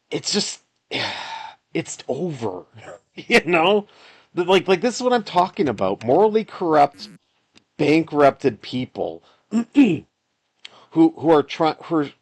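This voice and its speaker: A man's voice: mid-range voice, breathy edge. A man, a solo game developer, chatting casually over gameplay in a rambling way, restarting his sentences and sighing often. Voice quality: rambling, with frequent restarts and sighs.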